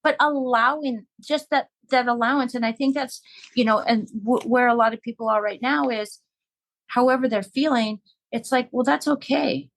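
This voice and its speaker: A woman's voice: on the high side, normal speed, poor audio. A woman talking earnestly and reflectively in a casual podcast conversation.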